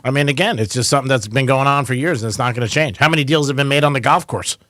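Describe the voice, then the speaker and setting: Male radio host, quick-talking, teasing, dry close studio mic. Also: mid-range voice, sharp tone, dry recording. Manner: joking, teasing callers. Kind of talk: casual radio chat.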